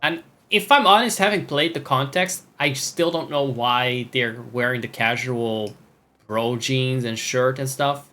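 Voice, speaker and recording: A man's voice: medium pitch, a little slow, sharp tone. A man streaming a game, rambling through jokey, self-mocking commentary. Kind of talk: gameplay commentary.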